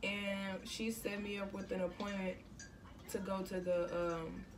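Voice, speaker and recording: A teenage woman telling her own story in a casual storytime vlog, animated and slangy, with bursts of exclamation. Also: mid-range voice, measured pace, distant mic, background noise. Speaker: vlogger.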